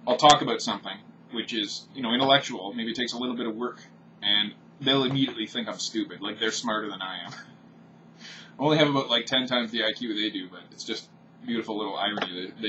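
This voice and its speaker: A man's voice: on the low side, background noise. A man from Canada, ranting off the cuff in a blunt, profane vlog monologue. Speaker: vlogger. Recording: distant, dull home-recorded audio.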